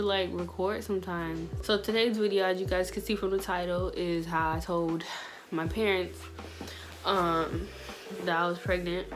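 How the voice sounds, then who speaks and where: A young woman vlogger telling a personal story in a casual, slangy way, full of fillers. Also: medium pitch. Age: young adult. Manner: chatty, slangy, many fillers.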